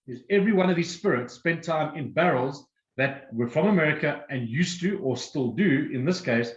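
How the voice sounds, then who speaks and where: A man's voice: medium pitch, roomy sound, muffled recording. A man presenting a whiskey tasting and explaining each drink step by step. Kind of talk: guided tasting talk.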